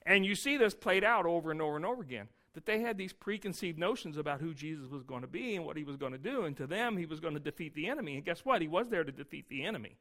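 A male pastor preaching a sermon, telling the story lively and acting out scenes. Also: on the high side, fast, hardly any pauses.

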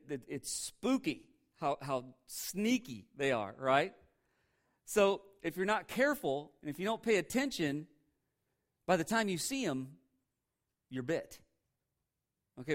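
A male pastor preaching with a slightly high-pitched voice. He reads scripture aloud and breaks off into jokey stories from his own life. He repeats key words for emphasis and talks in an animated way. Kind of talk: sermon.

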